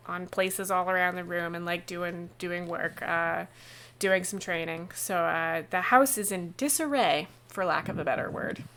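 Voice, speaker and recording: A woman's voice: on the low side, a bit bright, a little hiss or hum. Woman game master, rambling, lots of fillers, narrating.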